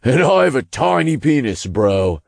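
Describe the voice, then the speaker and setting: A man voicing a brash, crude male imp in a raspy put-on Scottish accent. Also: mid-range voice, animated, extremely slow, no room sound, clean studio sound, voice pushed up, heavily acted. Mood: mocking.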